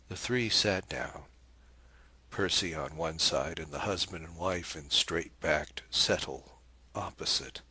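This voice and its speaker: A man narrates a novel in a deep voice with an unhurried, measured pace. His tone is bright yet husky, and the recording is close and dry with no room sound. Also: no echo. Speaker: audiobook narrator.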